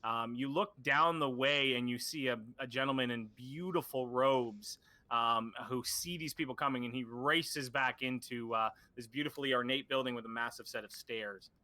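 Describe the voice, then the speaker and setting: A man's voice: medium pitch, moderate pace, pushed and bright, dry recording. A man narrating as dungeon master for a tabletop game, casual and full of fillers.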